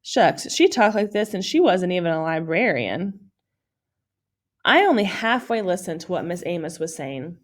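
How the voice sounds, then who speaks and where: Woman narrator for a children's novel read-aloud, lower voice, plain storytelling delivery. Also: big pitch swings, normal speed. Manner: plain storytelling read with small slips and self-corrections. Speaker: audiobook reader.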